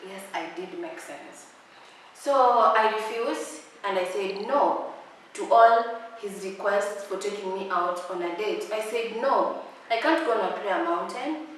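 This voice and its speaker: A woman's voice: mid-range voice, recorded from a distance, slight background noise. Sassy Kenyan woman in an echoey room. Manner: sassy, dramatic, mocking. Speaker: vlogger. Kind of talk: casual storytime rant.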